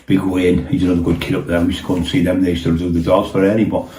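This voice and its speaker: A storyteller host with a low, mellow voice races through a rambling anecdote in a level tone, swearing heavily and acting out what people said. It's casual, and the recording has a roomy echo.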